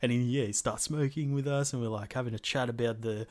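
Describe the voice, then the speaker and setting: A man's voice: mid-range voice, steady tone, quick pace. A young man telling a rambling, sweary gaming story in casual chat, slipping into jokey voices.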